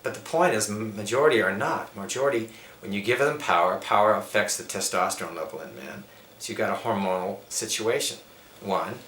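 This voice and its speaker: Middle-aged male yoga teacher, forceful and preachy, low-ish voice, echoey room. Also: lively intonation, brisk. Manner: emphatic, preachy, lists points. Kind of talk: spiritual interview talk. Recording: echoey room with faint background noise.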